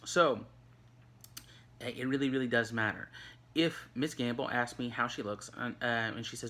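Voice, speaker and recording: A man's voice: mid-range voice, fairly even intonation, normal speed, sharp tone. A man teaching a recorded online lesson, talking in a loose, conversational way with lots of fillers and restarts. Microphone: recorded for an online video.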